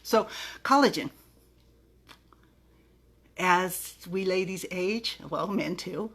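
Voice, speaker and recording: A woman's voice: lowish voice, takes it slowly, a bit bright. A middle-aged woman from the United States, chatting casually to the camera about vitamins in a bubbly, giggly way, stumbling over words now and then. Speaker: vlogger reviewing vitamins.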